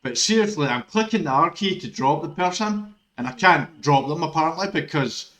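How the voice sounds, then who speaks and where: Swearing gamer man with lively pitch. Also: moderate pace, rough recording. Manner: swears often, erupts into loud frustrated outbursts. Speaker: gaming video creator. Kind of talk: live gameplay commentary.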